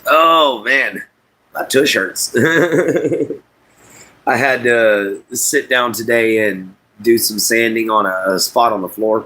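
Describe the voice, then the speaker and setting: A man's voice: on the low side, unhurried, bright, forceful tone, rough recording. A man hosting a casual livestream from inside an RV, talking to his chat in a folksy, drawling way. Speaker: livestream host.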